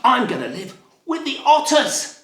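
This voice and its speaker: A restless little bunny who frets and complains about each new home, as a storyteller puts him on. The voice sits high and swoops about. There is a noticeable echo of the room around it. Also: male voice, huge pitch swings, unhurried, fairly bright tone, full character voice. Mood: complaining. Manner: complaining, fretful. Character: fussy, restless young male bunny.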